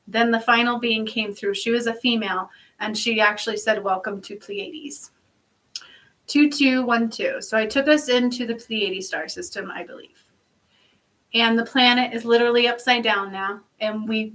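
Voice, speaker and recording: Woman channeler rambling on a livestream, excitable, kinda high bright voice, sounds a bit far from the mic. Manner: excited, rambling, laughs often, drops to soft asides. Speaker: spiritual channeler streaming to followers. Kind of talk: casual livestream monologue.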